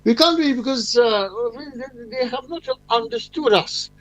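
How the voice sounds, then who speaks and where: An older man with a Ghanaian accent tells rambling stories, full of fillers and restarts. His voice sits high for a man, and the recording is close and dry. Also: normal speed, no echo, poor audio. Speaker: guest. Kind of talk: live-stream discussion.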